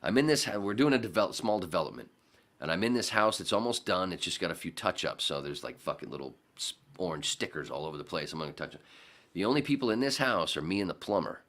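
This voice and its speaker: Brief: a male podcast guest, animated and profane storyteller, low and bright. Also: quick pace. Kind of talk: casual storytelling chat.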